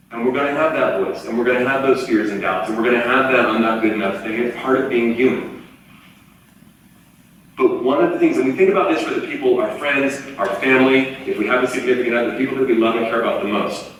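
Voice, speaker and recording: Middle-pitched man in his forties, keynote speaker, lively storyteller, room reverb and faint crowd ambience. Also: fast talker, a little hiss or hum. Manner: animated storytelling, acts out quoted voices. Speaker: motivational speaker. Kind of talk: live keynote talk. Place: large auditorium. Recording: echoey hall from far off, faint ambience.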